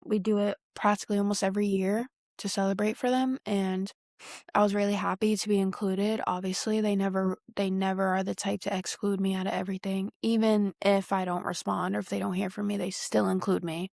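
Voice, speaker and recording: Slangy young woman with a gravelly edge. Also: medium pitch, level tone, a little fast, a little mellow, no room sound, studio quality. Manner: rambling, slangy, heavy use of "like". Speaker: podcast host. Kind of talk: casual solo podcast chat.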